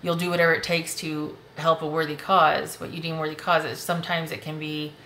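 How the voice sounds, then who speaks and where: A woman's voice: low-pitched, flat delivery, brisk, pushed and bright, roomy sound, slight background noise. A woman giving a casual tarot reading to camera in a reassuring, emotional way that breaks into laughs. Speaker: tarot reader. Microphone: close desk mic.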